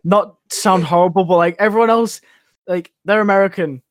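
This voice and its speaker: A laid-back young man with a Northern English accent, rambling through casual podcast chat full of slang. His voice sits fairly high for a man and sounds dry and close to the mic. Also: a little fast, no echo. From Northern England. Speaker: podcast guest host.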